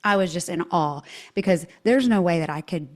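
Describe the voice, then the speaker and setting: A woman's voice: lowish voice, brisk. A woman with a Southern US twang hosting a podcast interview, gushing and enthusiastic. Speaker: podcast host. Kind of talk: casual interview chat.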